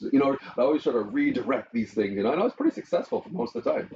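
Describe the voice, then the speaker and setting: A middle-aged man, a pastor telling stories in an interview in an animated way, with frequent chuckles. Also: mid-range voice, rapid-fire, hardly any pauses, far from the mic. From Canada. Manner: animated storyteller, chuckles often. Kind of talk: interview conversation. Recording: muffled lo-fi with faint noise.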